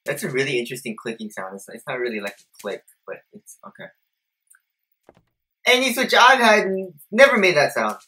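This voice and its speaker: A young man commentating a horror video game, jumpy and profane, swinging between low mutters and shouted panic. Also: big pitch swings, fast, few pauses. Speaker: gameplay streamer.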